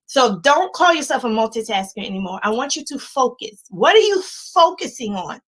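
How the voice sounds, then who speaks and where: A woman in her forties giving a livestreamed life-coaching talk, emphatic and animated, chanting repeated words and laughing often. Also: on the high side, normal speed, breathy edge, low-quality recording.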